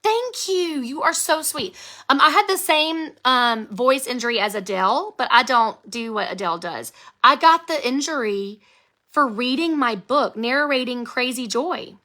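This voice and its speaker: A woman's voice: high voice, animated, unhurried, pushed and bright. An American woman in her thirties, an author chatting casually on a phone live stream, giggly and reading out viewer comments, her voice strained from an old vocal injury. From United States. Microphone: phone live video.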